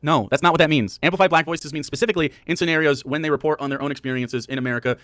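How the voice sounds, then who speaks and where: A man in a debate talking rapidly, with lots of fillers and some swearing. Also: a little high, fairly bright tone, no room sound, clean studio sound. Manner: rapid, filler-heavy, profane. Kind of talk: debate talk.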